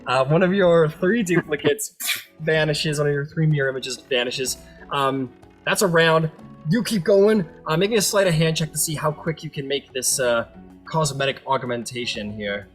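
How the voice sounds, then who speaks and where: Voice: mid-range voice, moderate pace, faint music behind. A game master narrating a tabletop game loosely, thinking aloud and losing count.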